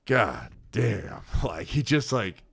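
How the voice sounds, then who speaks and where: Brief: young male podcast co-host, fairly low voice, dry close sound, loose storytelling with lots of fillers. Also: very animated, takes it slowly, vocal fry, breathy edge, dry recording. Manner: rambling, filler-heavy storytelling with acted quotes. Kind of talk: casual storytelling chat.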